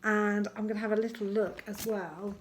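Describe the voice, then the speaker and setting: Gentle encouraging primary school teacher woman. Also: mid-range voice, fairly even intonation, a little hiss or hum. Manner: gentle and encouraging, slowing to dictate words while writing. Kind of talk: recorded remote lesson for young children.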